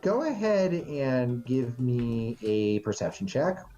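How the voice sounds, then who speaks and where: A man narrating a tabletop game as game master in a halting way, full of ums and restarts. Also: medium pitch, animated, dark tone, highs cut off, soft background music.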